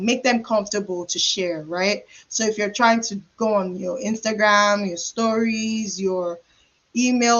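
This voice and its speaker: A woman's voice: mid-range voice, muffled recording. A woman trichologist teaching a live career webinar in a conversational, emphatic way, acting out client dialogue. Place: private hair practice suite.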